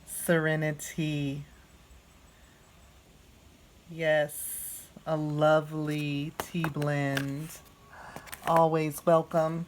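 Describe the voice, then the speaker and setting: A woman vlogging as she unboxes a gift at home, talking softly and gushing with gratitude. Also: deep voice, little pitch movement, slight background noise. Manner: slow, soft-spoken and gushing with gratitude. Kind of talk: casual unboxing narration.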